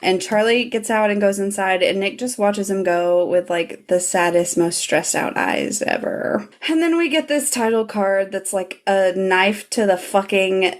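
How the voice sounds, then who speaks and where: A woman's voice: mid-range voice, a little slow, few pauses. A woman co-hosting a podcast, animatedly recapping TV scenes with playful exaggeration in casual chat. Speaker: podcast co-host.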